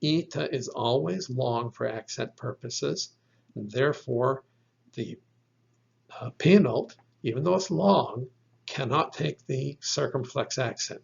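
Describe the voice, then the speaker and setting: In a recorded lesson, a male teacher explains things slowly and deliberately, saying each example word more than once. His medium-pitched voice is gravelly and a bit husky, captured in a dull, lo-fi recording.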